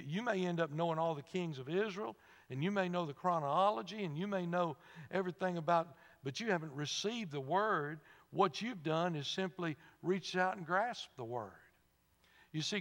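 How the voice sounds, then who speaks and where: Male preacher, slightly high voice, folksy and conversational, long church reverb. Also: fairly bright tone. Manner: conversational, asks the congregation questions, laughs at his own stories. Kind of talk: sermon.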